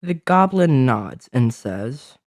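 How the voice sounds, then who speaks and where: A man's voice: medium pitch, very animated, takes it slowly, a little mellow, dry recording. A man narrating a fantasy adventure story, describing scenes with small slips.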